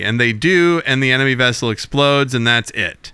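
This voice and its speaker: A man co-hosting a podcast, retelling an episode in animated, profane casual chat. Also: medium pitch, moderate pace, few pauses, clear, resonant tone, no room sound. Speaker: podcast co-host.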